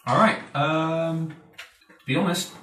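A man runs a tabletop session as game master. He jokes and swears as he works through rolls and rules. His voice is picked up from a distance in an echoey room with faint background noise. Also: a little high. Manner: joking, swears freely, quick rules asides. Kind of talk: running a tabletop game, casual and profane.

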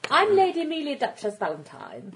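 A woman's voice: high voice, wildly swooping pitch, a little fast. Playful woman player, noisy recording. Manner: playful, giggly asides. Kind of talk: casual tabletop chat.

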